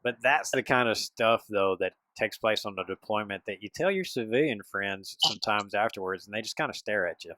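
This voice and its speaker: A man's voice: on the low side, fairly quick, hardly any pauses, sharp tone, dry recording, rough recording. A middle-aged man hosting a podcast, casual and loose, with many restarts and slang. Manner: loose, laid-back with many restarts and "dude". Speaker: podcast host. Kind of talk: casual chat.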